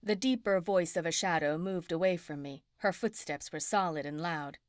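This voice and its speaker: A woman narrating an audiobook in the first person, in an even storytelling manner. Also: lowish voice, moderate pace, no room sound, studio quality.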